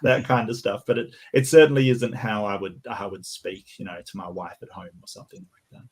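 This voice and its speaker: A lowish, husky male voice with a Western Australian accent, speaking through a video call. He pronounces each word carefully and precisely, yet keeps pausing on ums and restarting his sentences. His delivery is casual, like a guest chatting on a call-in show. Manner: carefully enunciated, halting with many fillers. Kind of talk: casual panel chat.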